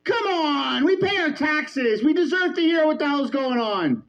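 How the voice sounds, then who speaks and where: Male streamer, very high lively pitch, yells and swears at the screen, headset mic in a basement, dull sound. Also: normal speed. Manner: shouting, swearing, exasperated. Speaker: streamer reacting to a parliament clip. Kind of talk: loud profane reaction commentary. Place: home basement. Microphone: headset with headphones.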